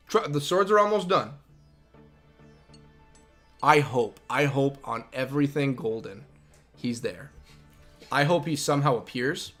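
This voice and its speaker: A man streaming a game live, chatting excitedly, laughing often and talking to his dog. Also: on the high side.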